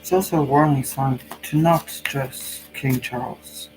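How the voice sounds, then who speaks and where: A man's voice: medium pitch, measured pace, over music, low-quality recording. A Norwegian man with a cold, speaking English as a second language, who muses hesitantly and thinks aloud while giving a tarot card reading. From Norway. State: has a cold. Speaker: psychic channel host.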